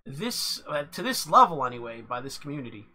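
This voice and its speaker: A livestream host giving casual live commentary on video clips, halting and full of fillers. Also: medium pitch, very animated, a crowd in the background. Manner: halting, with many fillers and restarts.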